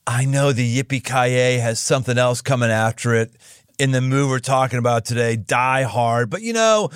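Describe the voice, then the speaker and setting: A man's voice: medium pitch, moderate pace, smooth, no room sound, clean studio sound. An American man hosting a podcast interview, exuberant and jokey, with a lot of emphasis. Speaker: podcast host. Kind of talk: casual interview.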